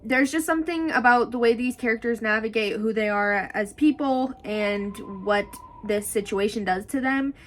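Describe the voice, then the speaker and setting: A woman's voice: a little high, fairly even intonation, moderate pace, hardly any pauses, rough recording. Chatty young woman outdoors in wind. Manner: chatty, gushing, rambling with many "like"s. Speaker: book vlogger. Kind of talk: casual book review chat. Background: wind noise.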